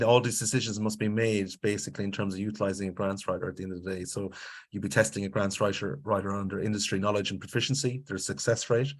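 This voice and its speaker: Irish male presenter, lowish voice, emphatic lecturing webinar delivery. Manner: emphatic, lecturing, with frequent check-ins to the audience. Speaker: grants consultant presenting a webinar. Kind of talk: instructional webinar talk.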